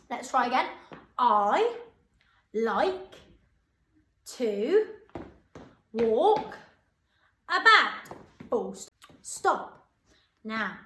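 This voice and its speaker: A woman teaching a phonics lesson to young children in an upbeat, encouraging way, slowly spelling words out letter by letter. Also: mid-range voice. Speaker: primary school teacher. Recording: echoey room.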